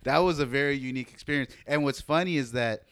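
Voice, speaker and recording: A man's voice: mid-range voice, fast. Man telling a story in casual chat. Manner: animated storytelling, acts out quoted voices, laughs often, swears casually.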